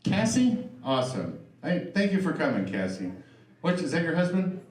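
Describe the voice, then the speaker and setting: The comic, a middle-aged man, has a fairly high, darkish voice with big pitch swings and a moderate pace as he does a profane, chatty stand-up set with crowd work. The club stage mic records him from a distance in a roomy live setting, laughter rising from the audience.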